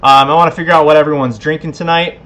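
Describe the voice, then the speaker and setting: Pria tipsy yang santai memandu siaran langsung. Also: male voice, fairly high pitch, steady tone, fast talker, fairly bright tone, muffled recording, a little hiss or hum. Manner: tipsy, laid-back, laughing often. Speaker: livestream host. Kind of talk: casual livestream chat.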